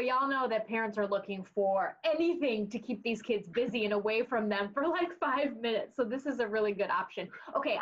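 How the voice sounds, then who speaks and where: A woman's voice: fairly high pitch, highs cut off. A woman hosting a TV show segment, chatty and bubbly with a self-joking manner. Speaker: TV news show host. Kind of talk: casual live TV interview.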